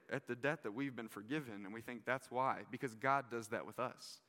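A man's voice: mid-range voice, brisk, a bit bright, big-room sound. A man preaching a sermon in an earnest, conversational way, with casual asides to the listeners. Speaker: pastor.

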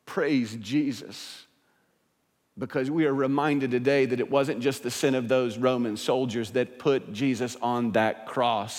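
A male pastor delivering a sermon in a church, earnest and swinging between emphatic and hushed. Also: a little high, a little slow. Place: church sanctuary. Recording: church hall reverb.

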